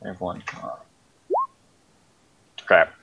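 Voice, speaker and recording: A man's voice: slow, fairly bright tone, muffled recording, slight background noise. A man playing a tabletop game, thinking aloud and hesitating over his moves. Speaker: player. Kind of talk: casual tabletop game chat.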